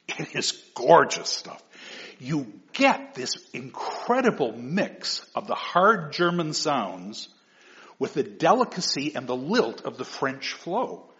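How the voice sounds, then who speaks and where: A man giving a recorded literature lecture, talking in an animated, expressive way and reading verse aloud with dramatic emphasis. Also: mid-range voice, unhurried, muffled recording. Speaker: literature teacher.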